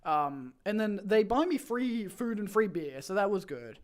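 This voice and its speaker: A young male streamer in his twenties rambles through a story during casual chat, with many fillers and false starts. He has a high-pitched voice with large pitch swings and speaks a little slowly.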